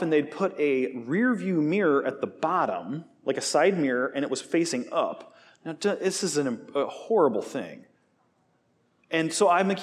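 Man in his forties, preacher, lively storytelling sermon, jokes with the crowd, drops to soft murmurs when voicing temptation. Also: medium pitch. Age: 40s. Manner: animated storytelling, acts out quoted voices, self-deprecating jokes.

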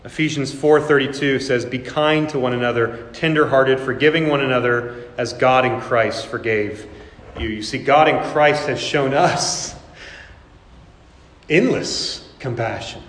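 A man's voice: mid-range voice, measured pace, a bit bright, slight background noise. Man preaching in an echoey hall. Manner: acts out quoted voices, laughing asides. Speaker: pastor. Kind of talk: sermon.

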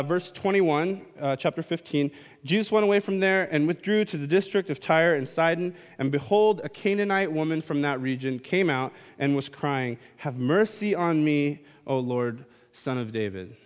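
A man preaching a sermon in a casual, conversational way, reading scripture aloud and then explaining it. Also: a little high. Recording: long hall reverb.

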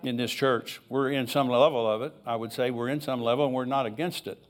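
A pastor, an older man, preaches a church sermon in a steady, medium-pitched voice at a fairly quick pace. Between scripture readings he slips into easygoing, conversational personal asides.

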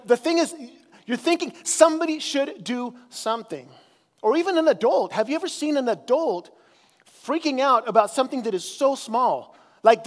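High-voiced pastor preaching in a reverberant hall. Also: male voice. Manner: conversational, chatty, many fillers and restarts. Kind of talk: casual sermon. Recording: long church hall reverb.

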